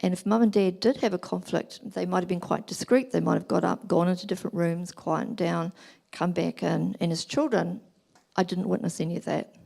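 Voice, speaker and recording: A middle-aged woman giving a talk at a church family weekend, explaining gently and acting out examples. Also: fairly low pitch, steady tone, brisk, vocal fry. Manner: gentle, explanatory, acts out examples in quoted voices.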